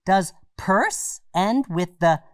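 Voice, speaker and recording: A woman's voice: mid-range voice, lively intonation, slow, clean tone, dry recording, clean studio sound. A woman voicing a cheerful, playful dog in a children's educational show, bubbly and giggly. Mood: excited.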